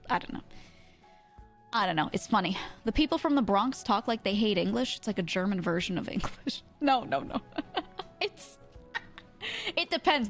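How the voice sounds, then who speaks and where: A woman from New York chatting casually with her viewers, rambling, swearing and laughing often. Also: mid-range voice. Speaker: streamer.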